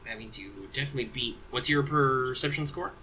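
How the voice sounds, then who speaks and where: A man runs a tabletop game as game master, and his voice is strikingly bright and sharp. His pitch sits in an ordinary middle range. He narrates casually and rambles as he thinks aloud. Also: fairly quick, slight background noise, low-quality recording.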